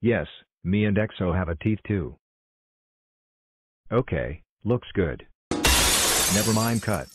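A man directing a homemade cartoon blooper video, exclamatory and hurried, calling out cuts and takes. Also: lowish voice, lively intonation, very noisy. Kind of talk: scripted fan cartoon narration.

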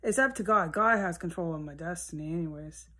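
A woman's voice: fairly low pitch, a little fast, sharp tone. Woman, solo vlog monologue, at home indoors, rambling, profane, mutters then flares up. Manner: rambling and profane, drifting between muttering and heated outbursts. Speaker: vlogger. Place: at home, indoors with a window open.

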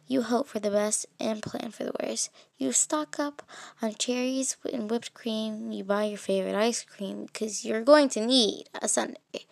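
A woman reading an interactive story game aloud as its heroine, in an expressive, dramatic way. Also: fairly high pitch, measured pace, creaky, no echo. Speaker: game player voicing the protagonist.

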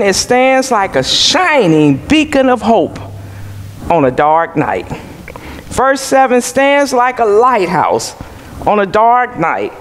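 A man with a very high voice delivers a sermon at an unhurried pace. His pitch rises and falls a lot. He talks from the pulpit of a church sanctuary whose long reverb trails after each phrase. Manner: slow, measured preaching with call-and-response questions. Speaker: pastor.

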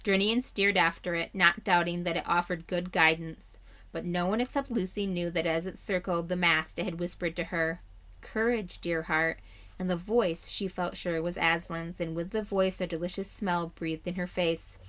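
A woman's voice: fairly low pitch, moderate pace. Woman teacher reading a story aloud. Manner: expressive storytelling, occasional slips. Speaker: third grade teacher. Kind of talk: reading a chapter book aloud.

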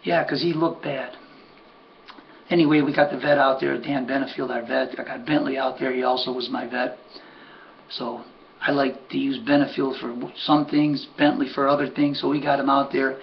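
Here the older horse trainer's voice sounds gravelly and mid-range, moving little in pitch at a normal speed. He rambles conversationally through a personal anecdote, restarting often, tossing in asides and saying "buddy." The audio is lo-fi and dull, with a faint hum underneath.

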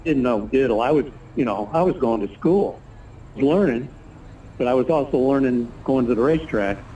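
A man in his seventies tells long, winding stories and acts out the other people's lines. His voice is warm and mellow, picked up from a distance on a poor recording with faint background noise. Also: medium pitch, normal speed, lo-fi sound. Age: 70s. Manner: rambling anecdotal storyteller, acts out others' lines. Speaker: retired engineer interviewee. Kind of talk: casual storytelling interview.

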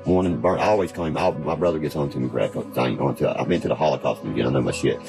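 A very deep, gravelly male voice fires off words rapidly in a low-quality recording with music playing behind it. He's a guest from Virginia, from West Virginia, rambling in casual chat, cursing freely and pushing conspiracy talk.

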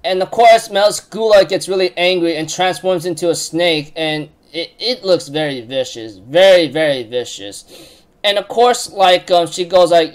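High-voiced man rambling through a recap. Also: measured pace. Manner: rambling, filler-heavy, laughs often. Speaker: recap host. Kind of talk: casual spoken recap.

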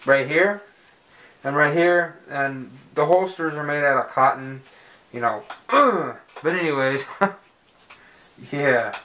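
A man giving a casual home video review of a film, rambling and jokey, swearing often and filling pauses with "uh" and "um". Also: fairly high pitch, pushed and bright. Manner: rambling, profane and jokey, with frequent fillers. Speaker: movie reviewer.

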